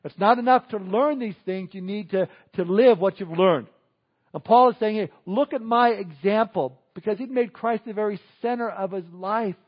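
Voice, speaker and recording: A man's voice: high voice, moderate pace, muffled recording. A man preaching a conversational sermon, chuckling and adding asides to the congregation. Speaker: pastor.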